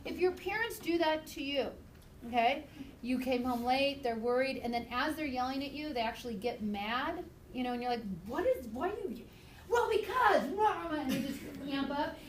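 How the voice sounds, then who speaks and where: A woman teaching a high school biology class, chatty and lively, acting out examples for her students. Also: normal speed. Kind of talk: classroom lecture. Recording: echoey classroom from far off, noisy.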